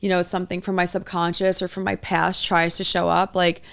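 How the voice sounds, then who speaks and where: Young woman podcast co-host, low and smooth with vocal fry, earnest rambling delivery. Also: little pitch movement, a little fast, a bit bright. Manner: earnest, rambling, heavy use of "like". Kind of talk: casual chat.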